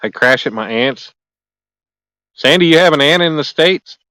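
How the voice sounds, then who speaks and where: A man's voice: a little high, animated, moderate pace, bright, forceful tone, dry recording, rough recording. Chatty man hosting a live stream. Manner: chatty, reads and answers viewer comments aloud; joking, easygoing. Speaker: livestream host. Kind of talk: casual live-stream chat. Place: outdoors at a lake at night.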